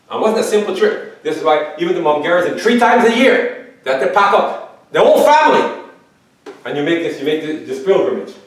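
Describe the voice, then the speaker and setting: A male pastor preaching a sermon, reading scripture aloud and often asking the congregation "Amen?". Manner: preaching, rises loud and high reading scripture. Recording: echoey hall from far off.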